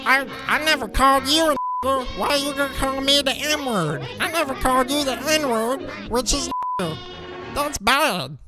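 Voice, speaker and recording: High, whiny little guy under arrest, indignant and profane, over background music. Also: lively intonation, moderate pace, low-quality recording. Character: small angry arrested man, indignant.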